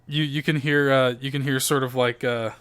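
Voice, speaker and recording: A man's voice: medium pitch, fairly even intonation, normal speed, fairly bright tone, clear, resonant tone. A man narrating a tabletop role-playing game as game master, in a loose, chatty way full of fillers.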